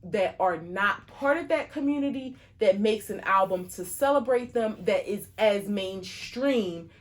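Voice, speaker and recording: A woman co-hosts a podcast in casual chat, telling a story packed with fillers. Her mid-range voice is animated and unhurried.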